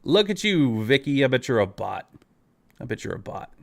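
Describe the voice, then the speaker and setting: A man's voice: medium pitch, very animated, normal speed, creaky. Exasperated, profane man ranting. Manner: profane, exasperated, talks straight at viewers. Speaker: online creator. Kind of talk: ranting live video.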